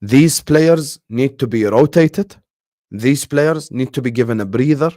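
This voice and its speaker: A man's voice: mid-range voice, measured pace, dark tone, no room sound, studio quality. A young man hosting a live football stream, emphatic and repetitive, addressing viewers directly in slang. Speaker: football channel host. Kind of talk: live-stream commentary and chat.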